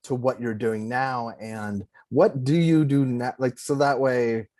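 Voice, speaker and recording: A man's voice: medium pitch, fairly even intonation, unhurried, a little mellow, no room sound, clean studio sound. A man hosting a casual interview, mostly giving short encouraging replies and asking questions. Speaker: podcast host.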